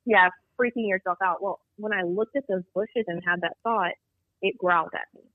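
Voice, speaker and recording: Woman guest, call-in storyteller, lively and rambling, thin dry phone audio. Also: mid-range voice, moderate pace, no echo. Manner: animated, rambling storyteller who acts out dialogue. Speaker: guest telling a Bigfoot encounter. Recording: tinny dry phone line.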